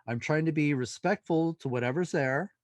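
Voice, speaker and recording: Man telling a lively story. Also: a little high, normal speed, no room sound. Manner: animated storyteller, acts out dialogue. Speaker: paranormal investigator, guest. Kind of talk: storytelling in an interview.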